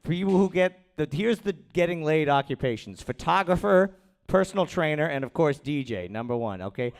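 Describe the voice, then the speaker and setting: Self-mocking stand-up comic man, smooth voice. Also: a little high, lively intonation, moderate pace. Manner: rambling, self-deprecating, crude. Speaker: stand-up comedian. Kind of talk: stand-up set at an open mic. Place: small comedy room, live. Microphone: handheld stage mic.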